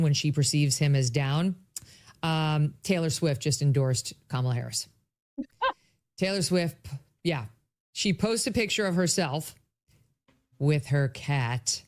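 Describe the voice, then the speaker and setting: Woman, low pitch, sarcastic, casual political talk. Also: animated, unhurried, long pauses, darkish tone. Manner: sarcastic, reads aloud.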